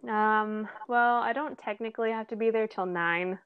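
A young woman chats easily about her work, animated and quick to laugh. Her voice sounds dry and close, with no room around it. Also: on the high side, smooth, dry recording, narrow, tinny audio. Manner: laughs often, chatty and animated. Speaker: restaurant manager. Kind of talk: casual chat.

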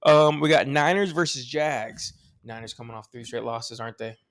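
A man's voice: mid-range voice, moderate pace, no echo, clean studio sound. A man co-hosting a sports podcast, bantering casually with joking, profane picks. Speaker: podcast co-host.

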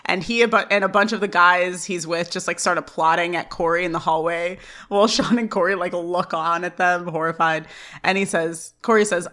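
A woman's voice: medium pitch, brisk, fairly bright tone. A young woman co-hosting a podcast, recapping scenes in casual chat, giggling and acting out the quotes. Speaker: podcast co-host.

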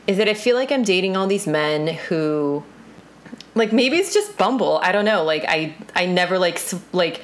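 A young woman chatting casually about dating, musing aloud with many fillers and restarts. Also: fairly low pitch. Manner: hesitant, filler-laden musing. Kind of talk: casual chat.

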